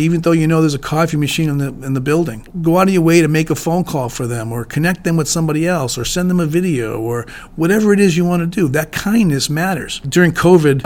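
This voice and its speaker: Earnest man talking leadership. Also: fairly high pitch. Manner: earnest, conversational, with frequent restarts. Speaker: podcast host. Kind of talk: solo leadership talk.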